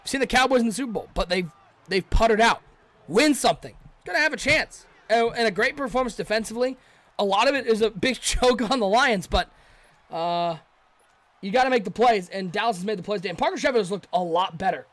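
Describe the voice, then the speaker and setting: A man doing chatty, excitable play-by-play commentary for a live stream, joking with viewers in chat. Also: high-pitched, a little fast, no room sound.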